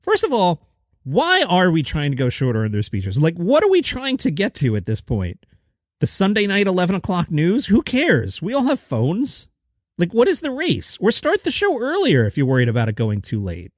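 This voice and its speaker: A man's voice: sits high, wildly swooping pitch, normal speed, no room sound, studio quality. A man hosting a comedy news podcast, delivering headlines with a sing-song lilt and sarcastic asides. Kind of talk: casual comedic news commentary.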